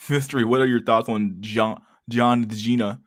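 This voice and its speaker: Steady and measured, a mid-range male voice belongs to a livestream host chatting loosely with live viewers. He rambles, swears, and laughs a lot while feigning outrage.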